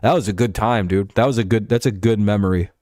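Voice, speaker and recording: A man's voice: fairly low pitch, fast talker, a little mellow, no echo, studio quality. A young man hosting a live stream, chatting casually about football in a rambling, profane way and reading out chat messages.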